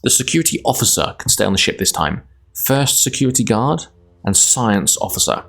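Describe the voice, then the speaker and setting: A man's voice: medium pitch, very animated, fairly quick, vocal fry, a bit bright. A Scottish man streaming live, reading a gamebook aloud in a chatty, self-deprecating way, laughing often.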